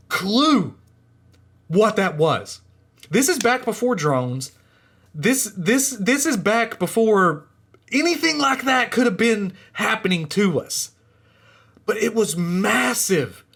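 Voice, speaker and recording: Animated high-voiced man telling a story. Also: husky. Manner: animated, rambling, voice rises and drops with suspense. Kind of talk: casual spoken true story.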